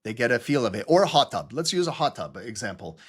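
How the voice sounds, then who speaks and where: A man at an ordinary middle pitch runs a live trading stream, talking loosely and casually. He drifts into jokes and asides and swears without a second thought. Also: sing-song, quick pace, a bit bright, slightly rough. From Canada. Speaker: trading livestream host. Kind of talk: casual live market commentary.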